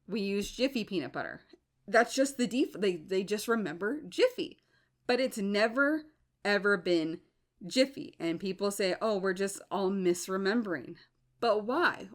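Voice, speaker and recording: A woman hosts a solo podcast with an animated, emphatic delivery. She sounds incredulous and insistent as she makes her points, and her pitch sits in the middle of the range. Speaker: podcast host.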